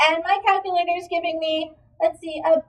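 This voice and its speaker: A woman with a high, bright voice walks a class through a math lesson, asking questions and praising the answers. She sounds a little far from the mic, as in a classroom recording. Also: little pitch movement, fast talker. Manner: encouraging, checks in with questions. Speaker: math teacher. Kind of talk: classroom lecture.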